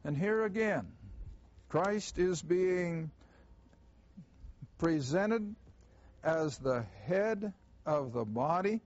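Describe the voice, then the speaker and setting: A Bible teacher leads a class through verses at a slow, deliberate pace, stressing the words he wants the class to catch. His fairly high voice is expressive and a little mellow. The recording sounds dull and lo-fi.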